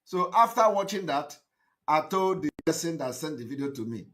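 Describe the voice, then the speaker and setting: A man giving a live broadcast monologue, emphatic and repetitive, breaking into shouted outbursts. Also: fairly high pitch, sing-song, moderate pace. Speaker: activist broadcaster.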